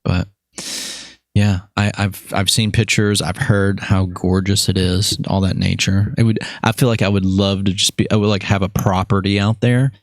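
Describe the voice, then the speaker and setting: A man's voice: sits low, little pitch movement, moderate pace, no echo. A young man from Alabama with a mild Southern accent, hosting a casual, joking interview chat. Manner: laid-back, joking, laughs often. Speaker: podcast host.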